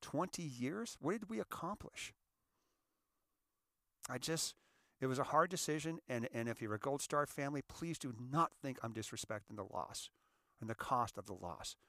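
A man's voice: mid-range voice, lively intonation, normal speed, bright, forceful tone, dry recording, clean studio sound. A middle-aged American man, a volunteer fire captain, giving an impassioned monologue that repeats key phrases and addresses the audience directly. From United States.

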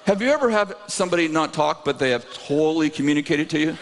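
A man preaching, telling a story in an animated, self-mocking way with lots of laughter, in a church sanctuary. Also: a little high, fast talker. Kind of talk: sermon storytelling. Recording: reverberant hall with faint noise.

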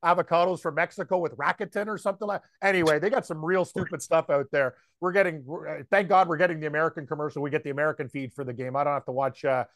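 A man co-hosting a sports betting podcast, chatting casually in a rambling, excitable way with lots of fillers. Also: a little high, quick pace, few pauses, dry recording, clean studio sound. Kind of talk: casual chat.

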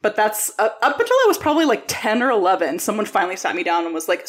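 A woman's voice: mid-range voice, sing-song, fast talker, few pauses. A woman co-hosting a podcast in a casual, chatty way, telling stories and laughing often; English is her second language. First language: not English. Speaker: podcast co-host. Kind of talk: casual chat.

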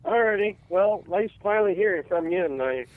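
A man calling in to a show, chatting in a relaxed, joking way. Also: high-pitched, a little fast, phone-quality sound. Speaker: caller. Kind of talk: call-in chat.

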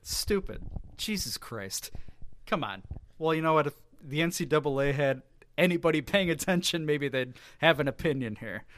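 A man hosting a sports podcast, talking in a joking, teasing, excitable way. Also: on the high side, moderate pace. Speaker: podcast host. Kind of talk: casual sports podcast banter.

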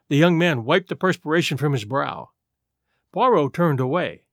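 A man reading a classic detective story aloud as an audiobook narrator, in an even storytelling manner. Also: on the high side, moderate pace, no room sound, clean studio sound. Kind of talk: scripted narration.

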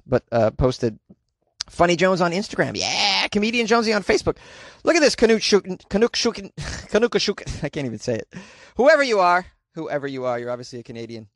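A man's voice: a little high, no echo, clean studio sound. A man hosting a comedic news podcast, joking through stories and reading listener reviews in a playful way. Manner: jokey, playful asides, breaks into silly singing. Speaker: podcast host.

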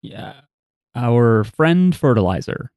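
A man rambles and jokes through a casual podcast chat, swearing freely as he goes. His voice sits at an ordinary middle pitch. The sound is dry and close, with no room around it. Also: sing-song, takes it slowly, a little mellow, clean tone, no echo. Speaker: podcast co-host.

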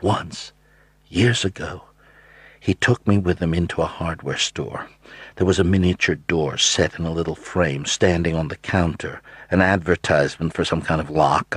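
Anxious townswoman, read by a man, husky urgent whisper, unhurried. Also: sits low, no echo. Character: frightened, insistent small-town woman. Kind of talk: audiobook character voice.

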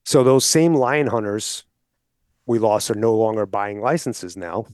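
A man speaking as a podcast guest, persuasive and explanatory, often checking in with listeners with a quick "okay?". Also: fairly low pitch, a little mellow, dry recording, studio quality. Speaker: hunting advocate guest. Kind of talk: casual podcast conversation.

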